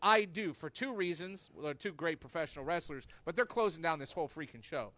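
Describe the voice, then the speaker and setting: A man's voice: a little high, lively intonation, a little fast, pushed and bright, no room sound. A man co-hosting a wrestling talk show, speaking conversationally and tossing questions to his partner. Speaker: podcast co-host.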